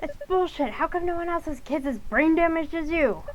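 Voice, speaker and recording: Brief: woman doing a hot-tempered father, berating and shouting, faint hiss in the background. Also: extremely high pitch, expressive, moderate pace, pitched above the performer's own voice. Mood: angry. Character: angry volatile middle-aged father, bullying.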